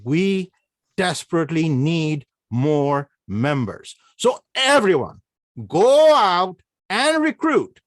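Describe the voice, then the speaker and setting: A man giving a humorous prepared speech at a speaking club, playful, full of rhetorical questions and slow, deliberate spelling out. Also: fairly high pitch, sing-song, no echo, studio quality. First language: not English. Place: club meeting room.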